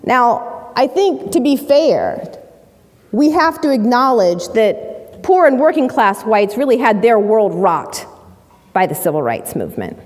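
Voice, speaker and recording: Woman, formal prepared speech, measured, long hall reverb. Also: on the high side, very animated, darkish tone. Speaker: public speaker.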